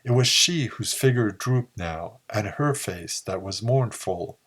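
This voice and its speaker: A man narrating a pulp story in a slow, measured reading. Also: lowish voice, expressive, fairly bright tone. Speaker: audiobook narrator.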